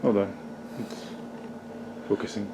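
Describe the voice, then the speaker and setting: A man working the camera who gives short, quiet replies from behind it. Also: fairly low pitch, steady tone, slow pace, noisy background. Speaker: camera operator.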